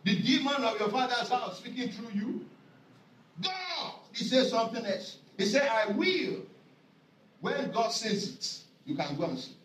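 High-voiced pastor preaching. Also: male voice, sing-song, fairly bright tone, slight background noise. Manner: emphatic, repeats scripture phrases slowly for stress. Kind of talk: sermon. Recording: echoey room, voice from a distance.

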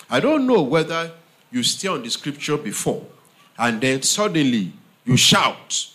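Slow, emphatic male preacher. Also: medium pitch, very animated, fairly bright tone. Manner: slow and emphatic, repeating words and phrases; asks the audience "do you understand" often. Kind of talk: sermon.

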